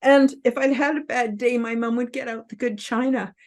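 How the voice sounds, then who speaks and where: A woman in her fifties hosting her own show, telling a personal story to camera in an earnest, openly emotional way, tearful and halting with restarts. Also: on the high side, steady tone. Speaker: host.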